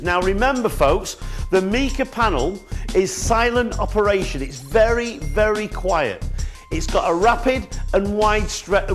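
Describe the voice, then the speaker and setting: A middle-aged man with a northern English accent presenting a live shopping channel pitch, chatty, repeating words and calling viewers folks. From northern England.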